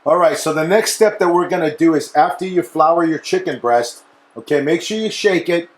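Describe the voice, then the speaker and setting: A man's voice: fairly high pitch, normal speed, faint music behind. A man hosting a cooking show, chatty and instructional, often checking in with okay. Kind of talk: casual cooking demonstration.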